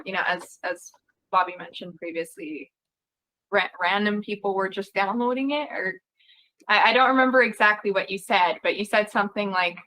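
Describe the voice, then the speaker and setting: A woman's voice: mid-range voice, normal speed, pushed and bright, slight background noise, poor audio. A woman guest on a video call, chatting casually with lots of fillers and laughs. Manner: giggly, chatty with many fillers. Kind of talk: casual chat.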